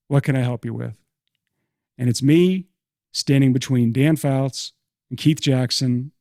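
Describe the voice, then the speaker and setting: A middle-aged man, a podcast host and newspaper sportswriter, telling a first-person story in a lively anecdotal way with quick self-deprecating asides. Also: mid-range voice, dry recording, clean studio sound.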